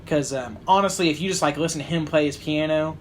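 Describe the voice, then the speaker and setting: A man's voice: on the high side, quick pace, a little hiss or hum. A man co-hosting a podcast in casual chat, rambling and hesitant, with many fillers. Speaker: podcast co-host.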